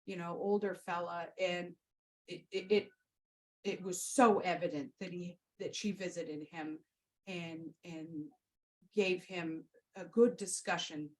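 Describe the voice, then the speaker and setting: Over poor audio, a woman speaks slowly in a steady, lowish, darkish voice. She's a Reiki practitioner hosting a podcast, casually telling a session story and answering questions, heartfelt and rambling, with frequent fillers and restarts.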